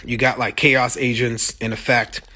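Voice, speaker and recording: This is a man of medium pitch with little movement in it, speaking at a measured pace in a pushed, bright voice. He's a musician doing a casual livestream monologue on his phone, blunt and profane, passionately responding to viewers' comments in real time.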